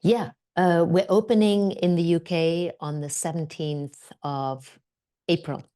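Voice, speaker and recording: A woman actor telling stories as a podcast guest, animated and full of fillers. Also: lowish voice, measured pace. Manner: animated, acts out quotes, many fillers. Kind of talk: conversational storytelling.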